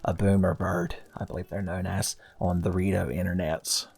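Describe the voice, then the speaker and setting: A man in his thirties with a low voice, riffing through casual gameplay commentary. He keeps up a stream of sarcastic, profane jokes. Faint game music sits in the background. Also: flat delivery, moderate pace, creaky, a little mellow, breathy edge. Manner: jokey, sarcastic, profane asides. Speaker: let's play host.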